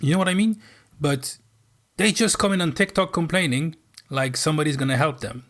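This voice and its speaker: Swearing man, slightly high voice. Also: brisk, a bit bright. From France. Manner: blunt, swearing, emphatic repetition. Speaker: streamer. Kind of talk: profane livestream rant.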